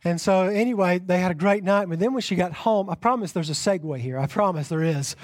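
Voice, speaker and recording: In a church sanctuary, a young pastor preaches with an animated personal story and self-deprecating jokes, often repeating his phrases. His voice is high-pitched and a little fast.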